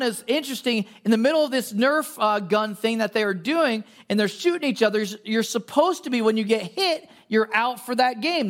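A man's voice: very high voice, a bit bright. Casual, storytelling male pastor. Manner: asks many rhetorical questions. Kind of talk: conversational sermon.

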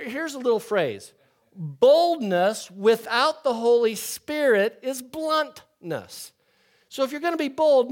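Here an elderly pastor preaches in a conversational, story-driven way. His delivery moves back and forth from energetic, booming stretches to soft, subdued ones.

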